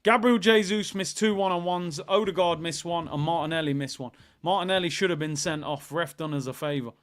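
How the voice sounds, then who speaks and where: A young man hosts a live football watchalong, talking in a high, bright register. He chats casually to viewers and breaks into excited shouts when the action picks up. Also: brisk. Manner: excitable, chatty, bursts into shouts at goals.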